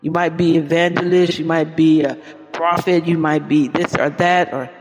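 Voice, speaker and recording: Man, high voice, folksy preacher, reverberant recording. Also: flat delivery, moderate pace. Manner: folksy, exclaims "Lord have mercy" and "Hallelujah". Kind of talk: informal podcast sermon. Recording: long reverb with faint music.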